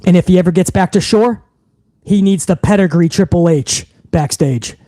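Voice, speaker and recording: A young man with a high-pitched but dark-toned voice speaks at a moderate pace, ranting angrily and cursing on a live wrestling podcast stream. He reads viewer messages out between outbursts, captured close on a dry desk mic without echo.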